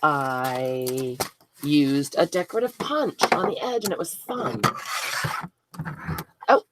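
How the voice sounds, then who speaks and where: A woman's voice: sits low, very animated, slow pace, very noisy. A woman hosting a live craft stream, chatting casually with viewers by name and poking fun at her own mistakes. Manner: chatty, self-deprecating, talks to viewers by name. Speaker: craft video host.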